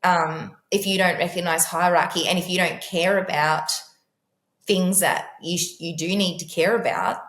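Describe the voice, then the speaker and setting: A middle-aged woman, talking candidly as a podcast guest and acting out quotes in lively voices. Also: lowish voice, normal speed. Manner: animated, acts out quotes in bright character voices. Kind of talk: candid conversational storytelling. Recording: echoey room.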